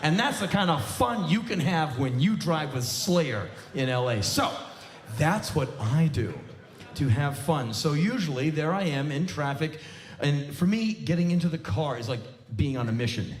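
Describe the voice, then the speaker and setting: A man's voice: on the high side, lively intonation, moderate pace. A man performing a profane, sarcastic live stand-up monologue on a theater stage. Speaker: spoken word performer. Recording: echoey live theater recording.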